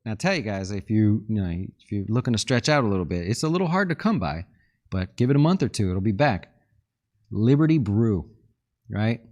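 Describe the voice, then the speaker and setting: A man's voice: fairly low pitch, sing-song, brisk, a little mellow. A man hosting a live market stream, chatting casually and joking while reading viewer questions and thinking aloud over charts. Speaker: fund manager hosting a market livestream.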